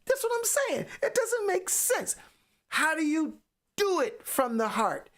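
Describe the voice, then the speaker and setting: A woman's voice: very high voice, big pitch swings, measured pace. A woman hosting a live motivational faith talk, emphatic and preachy, repeating phrases for effect. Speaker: podcast host.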